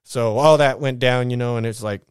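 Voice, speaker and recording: A man's voice: mid-range voice, moderate pace, smooth, no room sound, clean studio sound. A man in his thirties telling his life story in a casual, rambling monologue, blunt and full of swearing and slang.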